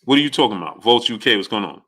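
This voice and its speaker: A man hosting a casual live stream, talking in an animated way and greeting viewers by name. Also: lowish voice, racing.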